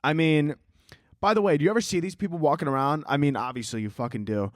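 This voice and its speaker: A man's voice: a little high, fast talker, no echo, studio quality. A man hosting a solo podcast, ranting casually with sarcasm and profanity and laughing at his own jokes. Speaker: podcast host.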